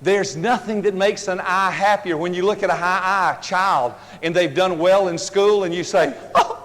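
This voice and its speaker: A man giving a humorous seminar talk, telling family stories in an animated, joking way. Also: high-pitched, normal speed, big-room sound. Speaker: seminar speaker.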